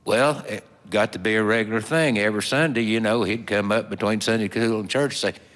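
A man telling a folksy story in a slow, drawling, homespun way with plenty of fillers. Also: on the low side, steady tone, fairly bright tone. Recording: long hall reverb.

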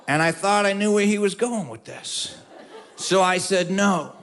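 A man telling a funny story to an audience, with wry, drawn-out comic timing. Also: sits high, fairly bright tone, slight background noise.

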